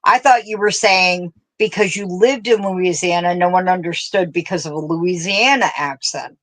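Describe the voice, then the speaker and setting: A woman's voice: on the low side, moderate pace, fairly bright tone. A woman with a central Pennsylvania accent, chatting casually on a craft livestream, laughing often and reading out viewer comments. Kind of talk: casual chat while crocheting.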